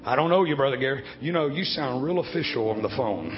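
A man in his fifties preaching a sermon, swinging from low, quiet talk to loud shouting. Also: expressive, quick pace. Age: 50s. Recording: dull lo-fi recording with faint music.

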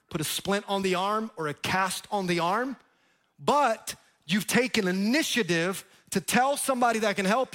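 A male pastor preaching a sermon, emphatic, with sudden loud rises and drops, joking with the crowd. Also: high-pitched. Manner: jokes with the crowd.

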